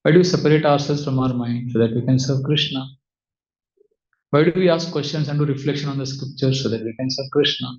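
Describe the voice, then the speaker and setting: A man teaching as a spiritual speaker, giving a devotional talk with audience questions in a measured way, asking rhetorical questions and answering them himself. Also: medium pitch, darkish tone. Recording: roomy, slightly dull sound.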